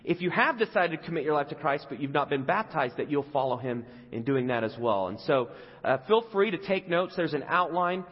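A man in his thirties gives a relaxed, story-driven sermon and slips into the voices of the people he describes. His voice sits a little high and has a husky edge. The recording is dull and lo-fi, and a long reverb carries through the sanctuary. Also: brisk. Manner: conversational, playful storytelling with quoted voices. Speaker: pastor. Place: church sanctuary. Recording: lo-fi sermon audio in a reverberant hall.

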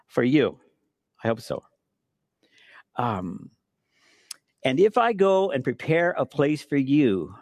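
A middle-aged man preaching a sermon, telling stories with emphatic repetition and shifting between hushed and forceful delivery. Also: medium pitch, slow, long pauses, no echo, studio quality. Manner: storytelling preacher, emphatic repetitions, animated swings from soft to loud. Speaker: pastor.

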